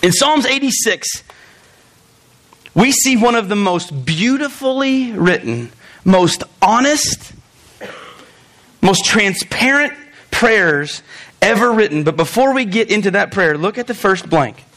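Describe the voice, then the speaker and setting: Young guy preaching, pretty high voice, lively and jokey, talks right at the crowd. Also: takes it slowly, pauses often. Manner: animated, joking asides, talks straight to the congregation. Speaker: pastor. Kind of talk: sermon.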